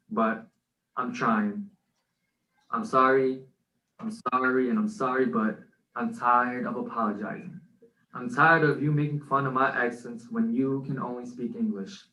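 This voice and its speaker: A man's voice: mid-range voice, pushed and bright, far from the mic. A man co-hosting a podcast who recites his own spoken word poem in an earnest, rhythmic way. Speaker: co-host and spoken word poet. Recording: echoey room, off-mic.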